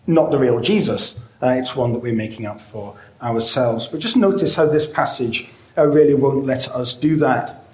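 Echoey male preacher, slightly high voice. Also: darkish tone. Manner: measured, with frequent "uh" fillers and slowed emphatic phrases. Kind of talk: sermon.

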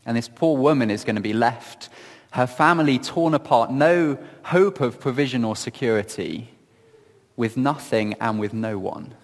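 A man giving reflective Bible teaching in a gentle, earnest storytelling manner, often asking questions of his listeners. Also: medium pitch, normal speed, in a large hall. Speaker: preacher.

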